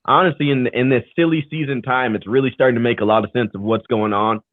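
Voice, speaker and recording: A man's voice: mid-range voice, quick pace, no room sound. A man co-hosting a live racing talk show, chatting loosely and rambling through thanks and sign-offs over a video call. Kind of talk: casual live show chat. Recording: tinny phone-like call audio.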